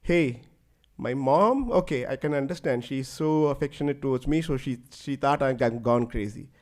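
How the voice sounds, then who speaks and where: A man's voice: medium pitch, moderate pace, a little mellow, natural voice. A man voicing a young woman from a classical poem, pleading and scolding in a spirited, defiant way.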